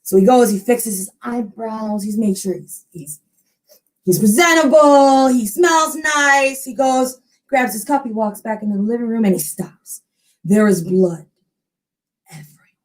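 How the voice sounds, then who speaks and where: A woman telling a ghost story in an expressive, animated storytelling style. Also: a little high, measured pace. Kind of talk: dramatic oral storytelling.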